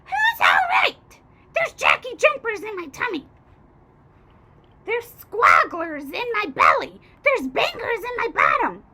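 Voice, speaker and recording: A woman voicing a cranky old grandmother who yells in panic. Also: extremely high pitch, wildly swooping pitch, takes it slowly, pitched above the performer's own voice, full character voice. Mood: outraged. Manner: shrieking, panicked yelling.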